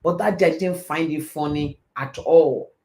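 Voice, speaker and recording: A middle-aged man hosting a live stream and giving a motivational faith talk, telling stories in a fast, animated way. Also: on the high side, gravelly. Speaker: host.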